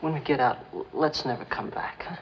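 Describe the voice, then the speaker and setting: A man's voice: mid-range voice, fairly quick, gravelly, close to an everyday voice. An actor playing a restless hitman who complains impatiently, on an old film soundtrack. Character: restless whiny male hitman. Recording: dull 1950s film soundtrack with room hum.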